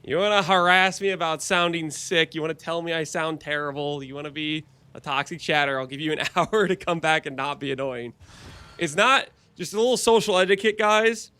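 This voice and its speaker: A man streaming a game live, chatting casually, answering his chat and clearing his throat often, his voice a bit hoarse. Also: fairly high pitch, a little fast, pushed and bright. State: hoarse-sounding voice.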